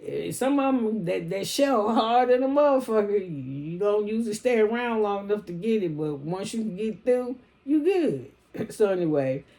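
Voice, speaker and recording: A woman's voice: medium pitch, sing-song, moderate pace, gravelly, mellow. A woman retelling a reality show episode in casual, blunt, heavily profane slang, slipping into quoted lines as she goes. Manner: acts out quoted lines in passing. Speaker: show recapper. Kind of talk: casual recap chat.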